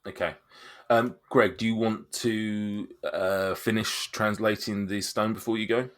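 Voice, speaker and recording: A man's voice: on the low side, level tone, a little slow. A man narrating as game master of a tabletop game, hesitant and full of restarts. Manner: hesitant, many fillers and restarts.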